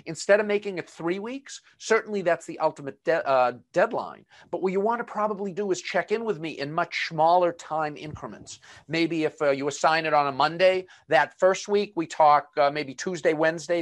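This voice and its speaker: A man's voice: fairly high pitch, fairly bright tone. A man with a Boston accent presenting a live webinar on management, chatty and full of fillers and asides. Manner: conversational, many fillers and asides.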